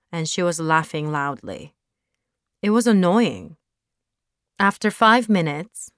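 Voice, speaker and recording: Slow, smooth-voiced woman reading a story. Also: lowish voice, no room sound, studio quality. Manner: slow, plain reading with brightened quoted lines. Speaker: narrator.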